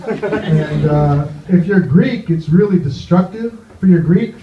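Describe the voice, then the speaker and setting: A man from New Jersey doing a stand-up set in a comedy club, rambling and halting with lots of "you know". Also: on the high side, lively intonation. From New Jersey, USA. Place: comedy club with live audience. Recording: echoey, muffled live club recording.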